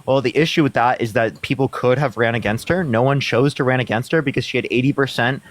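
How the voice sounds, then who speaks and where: A young American man hosting a heated political livestream, talking fast and cursing freely as he argues with callers. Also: mid-range voice, no echo. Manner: fast, profane, combative. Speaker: livestream host.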